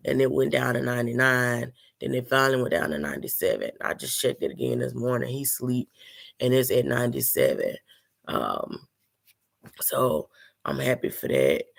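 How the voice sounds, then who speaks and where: A woman's voice: a bass voice, gravelly. A sick woman telling a personal story to her viewers in an earnest, emotional, casual way. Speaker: vlogger.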